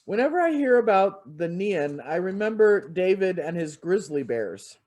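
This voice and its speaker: A minister delivering a sermon in an expressive, storytelling way. The voice sits in a middle pitch range. The manner is that of a pulpit address. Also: normal speed.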